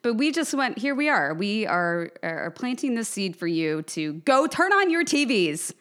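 An American woman co-hosting a podcast, playful and giggly, telling stories with animated bits and reading guest intros. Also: medium pitch, unhurried. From United States. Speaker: podcast co-host. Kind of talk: casual chat.

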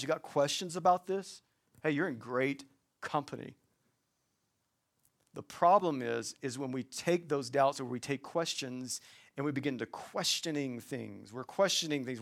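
A man preaching a sermon on a gospel passage in a conversational, animated way, drawing out key words for emphasis. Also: on the high side. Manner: animated, emphatic, slow drawn-out stresses, conversational asides. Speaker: pastor.

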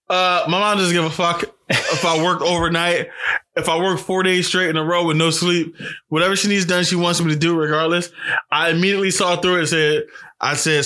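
A young male podcast host who tells stories with energy, swears freely and restarts his sentences. His voice sits a bit high and sounds bright and forward. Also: a little fast. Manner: animated storyteller with profanity and frequent restarts. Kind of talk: casual podcast chat.

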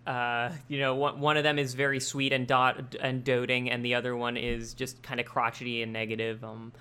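A man's voice: medium pitch, flat delivery, normal speed, bright, forceful tone, clean tone. A man co-hosting a podcast, chatting casually about a cartoon, rambling and restarting his sentences, laughing easily. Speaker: podcast co-host. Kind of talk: casual chat.

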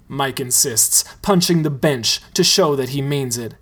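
Man, deadpan narrator, slow pace, mid pitch, comedic story reading. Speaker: story reader.

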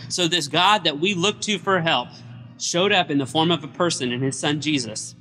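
Bright-voiced pastor preaching in an echoing hall. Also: male voice, fairly high pitch, normal speed, faint music behind. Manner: retells scripture in a lively storytelling way. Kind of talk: sermon. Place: church during a midweek service.

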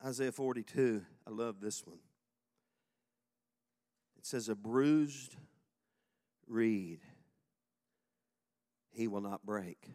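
A man preaching a sermon to a congregation, swinging from loud, fast exhortation to soft, slow reflection and calling on the crowd to repeat phrases. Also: lowish voice. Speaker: pastor. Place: church sanctuary before a congregation.

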